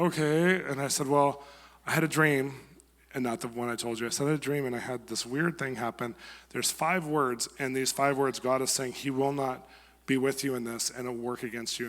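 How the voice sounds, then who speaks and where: Animated man preaching in a reverberant hall. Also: mid-range voice. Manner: animated storyteller acting out quoted voices. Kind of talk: sermon storytelling. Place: church hall. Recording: long church hall reverb.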